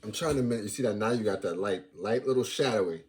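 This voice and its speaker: A man's voice: fairly low pitch, fast talker, slight background noise. A young man hosting a casual sports fan vlog, talking playfully and repeating lines for emphasis. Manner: animated, playful trash talk.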